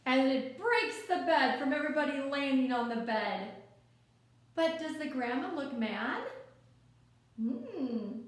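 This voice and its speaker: A woman reading a picture book aloud to children, gently coaxing and asking the listener questions as she goes. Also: high voice. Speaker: storyteller. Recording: very echoey room.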